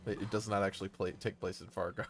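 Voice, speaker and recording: A man streaming a game, chatting casually and thinking aloud in halting bursts as he plays. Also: deep voice, level tone, soft background music. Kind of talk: casual chat while gaming.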